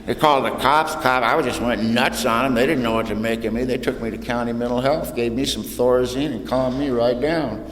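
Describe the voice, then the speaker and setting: A man from Southern California speaking at a recovery meeting podium, telling his story with humor, using casual slang, and dropping soft and low for painful parts. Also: fairly even intonation, fairly quick, few pauses. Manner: casual southern-tinged slang, "ain't", "y'all". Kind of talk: personal testimony talk. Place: hall with audience at a podium. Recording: echoey hall, faint room noise.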